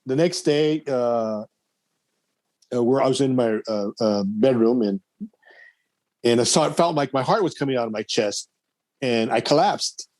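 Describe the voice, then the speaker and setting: Animated man telling his story. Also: mid-range voice, measured pace, pauses often, dry recording. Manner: animated, acts out voices of people in his story. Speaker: podcast guest, adoptee. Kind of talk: casual storytelling.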